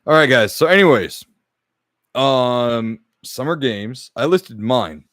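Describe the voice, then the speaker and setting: Frustrated swearing podcast host, dry sound. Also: male voice, mid-range voice, expressive, takes it slowly, a bit bright, dry recording. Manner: frustrated, swears often, talks to the live chat. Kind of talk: casual streamed podcast chat. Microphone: podcast microphone.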